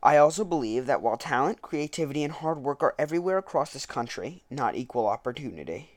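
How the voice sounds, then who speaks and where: Speaking quickly with lively intonation in a mid-range voice, on a dry recording, a man reads a political speech aloud. He argues against it point by point, correcting himself when he slips.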